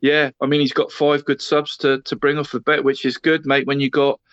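A man's voice: mid-range voice, flat delivery, brisk, fairly bright tone, no room sound. Chatty man. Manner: rambling, says "mate" constantly, laughs often. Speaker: podcast co-host. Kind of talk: casual football podcast chat. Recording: dull, dry sound.

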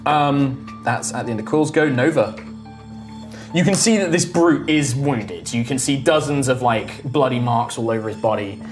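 A man narrating as game master of a tabletop game, telling the action in a relaxed way full of fillers. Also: mid-range voice, moderate pace, soft background music. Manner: relaxed, filler-heavy storytelling.

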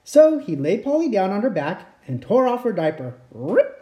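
A woman reading a children's picture book aloud at bedtime, expressive and playing out sound effects. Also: medium pitch, moderate pace. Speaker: storyteller. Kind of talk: bedtime story read-aloud.

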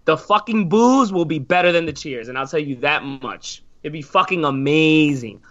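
A man ranting sarcastically and loudly on a casual podcast, swearing often. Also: fairly high pitch, lively intonation, normal speed, a loud crowd. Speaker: podcast co-host. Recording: dull lo-fi sound.

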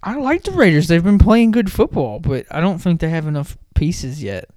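A man co-hosting a sports podcast, skeptical and quick to laugh in casual banter. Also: on the high side, no echo. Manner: skeptical, animated, laughs easily. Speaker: podcast co-host.

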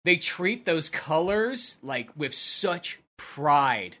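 Bright-voiced rambling podcast man. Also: fairly high pitch, big pitch swings, extremely slow. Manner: rambling, full of filler words. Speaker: podcast co-host. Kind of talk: casual podcast chat.

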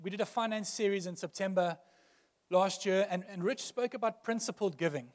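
A man's voice: high-pitched, brisk, in a large hall. A male pastor preaching a sermon earnestly, building emphasis through repeated phrases.

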